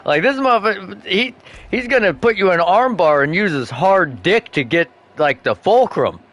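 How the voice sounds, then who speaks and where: Animated, profane male streamer. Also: high voice, moderate pace. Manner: animated, profane storytelling with bursts of laughter. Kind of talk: casual chat while gaming.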